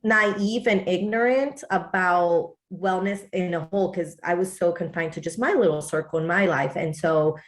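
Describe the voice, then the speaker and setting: A Texas woman, a wellness coach appearing as a guest, tells her story in a casual interview chat. Her voice is lowish, her pace moderate with few pauses, and she chats freely, quoting her own thoughts.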